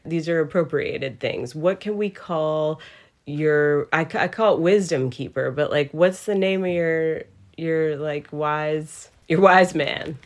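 A woman in her thirties co-hosting a podcast, talking in an animated, emphatic way and laughing easily. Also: low voice, takes it slowly. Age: 30s. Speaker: podcast co-host. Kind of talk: casual conversation.

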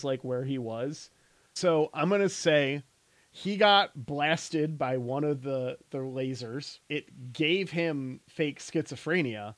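A man's voice: a little high, no room sound. A man co-hosting a podcast, chatting casually and rambling through speculative guesses. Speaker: podcast co-host. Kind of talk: casual chat.

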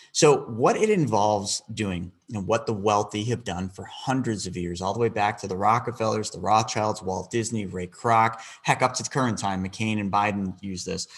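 A man's voice: lowish voice, gravelly, husky. A man, a financial advisor, answering an interview question by telling a story and acting out the dialogue. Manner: animated, acts out quoted dialogue.

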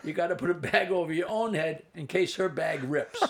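A comedian in his sixties tells long anecdotes in a relaxed interview, doubling back and adding asides. His voice is gravelly with a slightly raised pitch. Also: normal speed, background noise. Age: 60s. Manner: rambling anecdotes with asides and restarts. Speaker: comedian guest. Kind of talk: storytelling in a casual interview.

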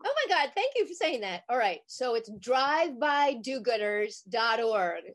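A middle-aged woman guest telling a story in a casual interview, animated and chatty with many fillers. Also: a little high, a little slow. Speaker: interview guest, actress and charity founder.

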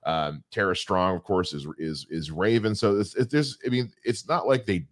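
A man's voice: low-pitched, normal speed, no echo, clean studio sound. A young adult man co-hosting a podcast, chatting casually with a wry, rambling manner and many restarts. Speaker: podcast co-host. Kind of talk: casual chat.

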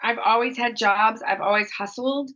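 A woman with a high, bright, clear voice shares her experiences openly in an interview. She often quotes her own thoughts in animated little voices. Her audio comes through somewhat dull and lo-fi, like a remote line. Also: moderate pace. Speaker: guest. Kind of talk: candid conversational interview.

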